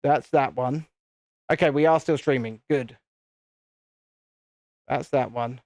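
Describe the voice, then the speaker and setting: Talking slowly in a medium-pitched, darkish voice, a British male streamer chats casually with his viewers in a self-mocking way. The recording is dry, with no echo.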